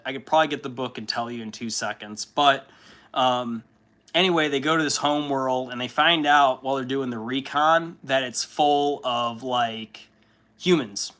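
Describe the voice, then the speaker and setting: Bright-voiced man rambling on a livestream. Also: medium pitch. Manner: rambling and profane, with frequent fillers and laughs. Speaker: livestream host. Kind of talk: casual chat during a hobby stream.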